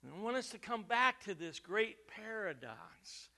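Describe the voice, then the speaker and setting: Pastor, male, high bright voice, emphatic preaching with big swings in loudness. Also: big pitch swings, a little slow. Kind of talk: sermon.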